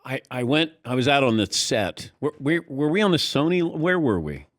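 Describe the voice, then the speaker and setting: A man's voice: medium pitch, sing-song, moderate pace, fairly bright tone, dry recording, studio quality. A male talk show host asking joking questions in a casual radio interview.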